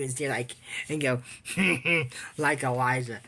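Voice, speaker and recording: A bright, forward voice rambles through an anime episode recap in a casual vlog. The speaker leans on fillers and stops often to give blunt opinions about the characters. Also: medium pitch, slow pace.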